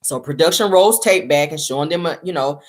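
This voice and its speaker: A woman's voice: low voice, brisk. A woman hosting a casual reality-show recap, talking to viewers as y'all and retelling what was said. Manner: chatty, addresses viewers as y'all, retells quotes.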